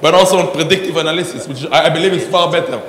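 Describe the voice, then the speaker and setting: The conference host's voice is a little high and fairly bright, and he races along while introducing a panel on stage. He rambles, restarting often and leaning on fillers, and the large hall gives an echoey, long reverb.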